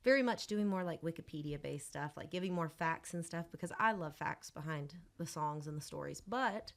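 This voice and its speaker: A woman's voice: low voice, expressive, moderate pace, vocal fry. Chatty woman telling stories. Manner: chatty storyteller, talks with her hands. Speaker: guest musician. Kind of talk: casual podcast chat.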